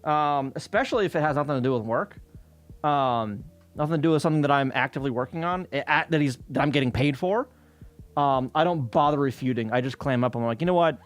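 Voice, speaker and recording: Soft music plays behind a man with a mid-range voice who talks at a quick pace. He's streaming while he works, casually chatting with viewers and venting through a profane, fed-up story.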